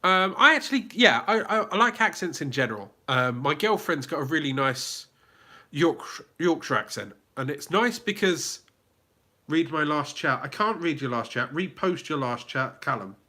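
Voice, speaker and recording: A man's voice: on the high side, lively intonation, moderate pace, bright, forceful tone. A man with a southern English accent hosting a casual live Q&A, chatting, reading out viewer comments and restarting his sentences. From England. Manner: chatty, reads chat aloud, many fillers and restarts. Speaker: livestream host.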